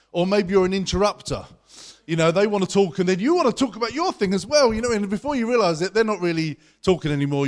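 Pastor, young man, high-pitched, chatty sermon style, church service. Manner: chatty and conversational, talks fast.

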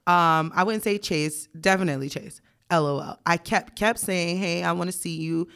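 A woman's voice: on the low side, normal speed, gravelly, fairly bright tone, smooth. A young woman co-hosting a podcast, telling a story bluntly and candidly, often laughing. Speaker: podcast co-host. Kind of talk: casual podcast chat.

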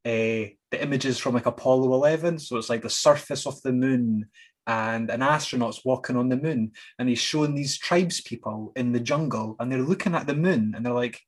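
A man co-hosting a casual podcast chat, telling swearing, animated stories and acting out quoted voices. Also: mid-range voice, moderate pace. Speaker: podcast co-host.

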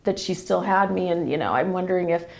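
A woman's voice: lowish voice, quick pace, creaky, darkish tone. A woman telling a personal family story in a casual, emotional, rambling way with many restarts. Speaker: guest sharing a family story.

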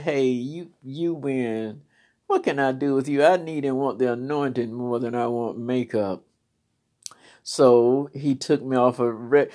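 A woman's voice: low-pitched, a little mellow. A middle-aged woman preacher giving a personal testimony, telling her story with laughter and feeling. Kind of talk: testimony sermon.

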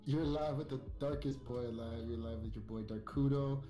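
A man's voice: medium pitch, normal speed, dark tone, soft background music. Laid-back young man in an echoey room. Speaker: podcast co-host. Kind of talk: casual podcast chat.

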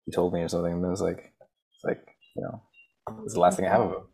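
Young man with a low, husky voice and an American-leaning accent, chatting casually on a podcast. He tells stories in a loose, jokey way, with plenty of asides. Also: level tone, rapid-fire, warm tone. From Australia. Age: young adult. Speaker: podcast co-host. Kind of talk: casual chat.

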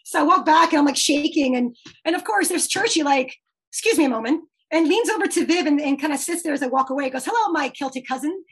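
A woman casually telling a fan story, animated and laughing often, acting out quoted lines. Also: sits high, fast.

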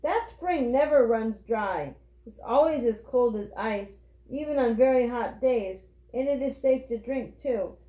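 A kindly grandfather from a storybook speaks in a calm, reassuring way, as a woman reads him. The room echoes and the sound is a bit dull. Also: on the high side, measured pace, few pauses, close to an everyday voice. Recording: roomy, dull lo-fi.

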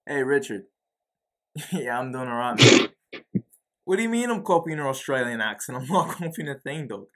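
A man's voice: medium pitch, lively intonation, brisk, fairly bright tone, slightly rough, pitched above the performer's own voice. A man putting on a fake Australian accent as a joke, pretending to talk on the phone. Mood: joking. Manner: playful, insists he is talking normally.

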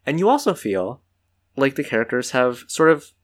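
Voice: medium pitch, normal speed. A podcast co-host recapping an episode in casual chat, acting out the characters' lines. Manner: animated, acts out character lines.

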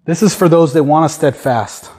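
A man's voice: a little high, moderate pace, darkish tone, breathy edge. A man preaching an earnest sermon as a guest preacher in a church, emphatic and full of rhetorical questions to the congregation.

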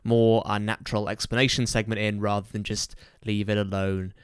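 A man's voice: on the low side, little pitch movement, fairly quick, clear, resonant tone, dry recording. A man, a podcast co-host who also edits the show, speaking with a dry, wry wit. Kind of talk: casual chat.

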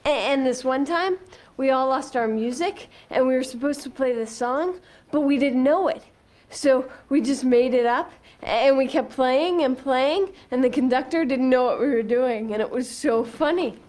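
Woman doing a high-voiced band camp girl, babbling on breathless. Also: moderate pace, a little mellow, close to an everyday voice. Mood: giddy. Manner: breathless, rambling storytelling. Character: chatty teenage girl rambling about band camp. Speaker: film character in a played clip.

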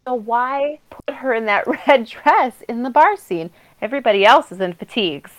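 A woman co-hosts a casual film podcast. She talks in an animated, emphatic way and swears freely as she makes her points. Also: a little high, moderate pace, poor audio. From United States. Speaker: podcast co-host.

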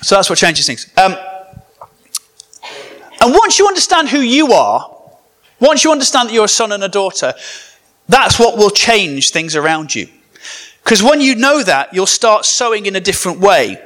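High-voiced preacher, chatty. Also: male voice, very animated, moderate pace, pauses often, a bit bright. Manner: conversational, jokey asides. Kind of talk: sermon with comic storytelling.

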